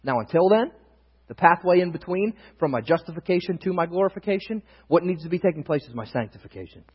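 An earnest young male preacher with a fairly high, husky voice, rising to loud emphasis and dropping to near-hushed confiding. He is heard in a church hall with a long, lingering reverb, and the recording sounds dull and muffled. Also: lively intonation, fast. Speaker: pastor. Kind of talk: sermon.

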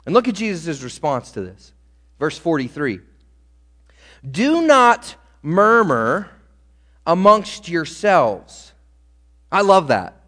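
A man preaching a sermon to his congregation, animated, acting out the crowd and quoting scripture as he goes. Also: sits high, big-room sound. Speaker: pastor.

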